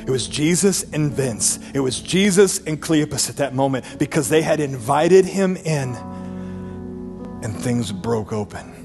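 A man preaching a sermon as pastor, animated, swinging between loud bursts and low, intimate passages. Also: unhurried, over music.

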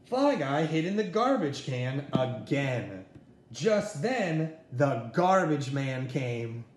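A man reading a children's picture book aloud as storyteller, slow and expressive. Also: mid-range voice, echoey room.

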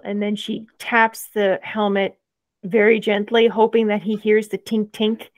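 A woman's voice: medium pitch, little pitch movement, measured pace, no echo. A woman playing a tabletop game, chatting and describing her character's careful actions. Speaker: player. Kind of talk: casual tabletop play.

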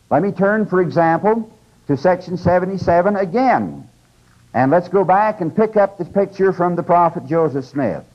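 A man giving a conversational, emphatic scripture lecture to a class, often checking in with his listeners. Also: fairly high pitch. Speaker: religious lecturer. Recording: dull lo-fi 1980s lecture tape.

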